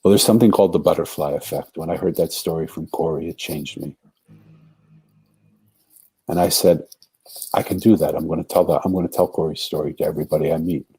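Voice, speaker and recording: A man with a low, dark, husky voice tells a story as a podcast guest. He speaks earnestly and acts out the voices of the people he quotes. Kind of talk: storytelling in a conversation.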